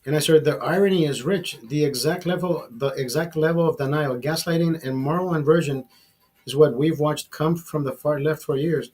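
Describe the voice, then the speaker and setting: Male streamer, slightly high husky voice, rambling casual chat that loops back on itself, salty language. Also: normal speed, a little mellow. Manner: rambling, repeats himself, swears freely. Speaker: livestream host.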